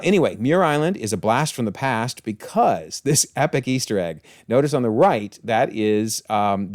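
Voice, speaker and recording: A man's voice: mid-range voice, darkish tone, no room sound, clean studio sound. A man giving a casual, enthusiastic episode breakdown, chatty with frequent exclamations and chuckles. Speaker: TV episode reviewer.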